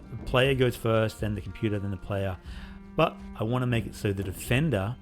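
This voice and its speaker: A man casually talking through a playthrough of the game he is developing, relaxed and rambling with lots of fillers. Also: fairly low pitch. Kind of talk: casual gameplay devlog commentary.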